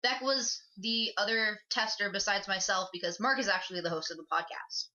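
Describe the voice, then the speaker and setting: Bright, teasing young-sounding woman. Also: medium pitch, a little fast, low-quality recording. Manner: teasing, playful. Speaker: podcast co-host. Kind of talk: casual chat.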